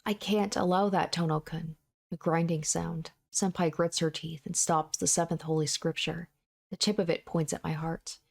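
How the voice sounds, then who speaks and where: A woman narrating a visual novel aloud in a soft, steady, measured voice. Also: deep voice, creaky.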